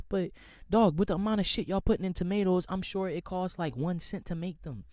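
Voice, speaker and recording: Animated, profane male podcast host. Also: a little fast, no echo. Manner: animated, profane, swings from shouting to low mumbling. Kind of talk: heated comedic rant.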